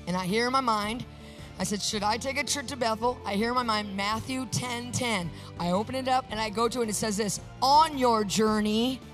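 A woman sharing a personal faith testimony, storytelling in an animated way and acting out the voices she quotes. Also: on the high side, fairly quick, faint music behind. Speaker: Christian speaker sharing a testimony.

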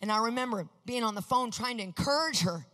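Woman preacher, fairly high voice, emphatic testimony sermon, long hall reverb. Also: animated, quick pace. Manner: emphatic, swings from hushed to loud.

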